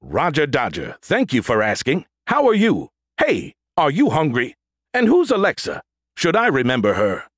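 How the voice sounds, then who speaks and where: Stuttering, booming battle android for an audiobook, eager to help, high and lively. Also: male voice, husky, no echo, studio quality, full character voice. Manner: stutters on first sounds, booming, slow drawn-out words. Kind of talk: audiobook character voice.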